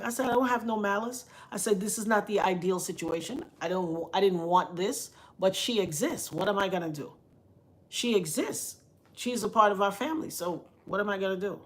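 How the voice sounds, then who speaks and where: A woman with a mid-range voice speaks fairly quickly. She's a vlogger telling a personal story in casual, frank, colloquial talk, animatedly acting out the voices of the other people as she goes.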